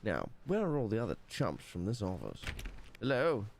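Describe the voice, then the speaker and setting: A man with a congested nose chats through a live stream, playfully putting on a posh narrator voice. His pitch is lively and jumps around a lot as he jokes with chat. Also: normal speed, gravelly, slight background noise. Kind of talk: casual live-stream commentary.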